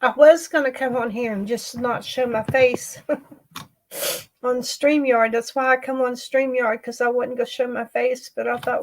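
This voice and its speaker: A woman, hosting an emotional personal livestream chat. She talks in a halting way, repeats herself and trails off. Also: on the high side, fairly even intonation, poor audio. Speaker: livestream host.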